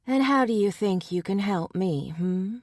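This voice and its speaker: A woman's voice: mid-range voice, animated, unhurried, darkish tone, no echo, clean studio sound. A woman narrator voicing a playful, teasing young male werebear in an audiobook. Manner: teasing, cheeky.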